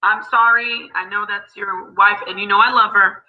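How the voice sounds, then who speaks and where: A woman hosting a livestream panel, apologetic and placating as she calms things down. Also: mid-range voice, normal speed. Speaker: livestream host. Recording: dull lo-fi stream audio.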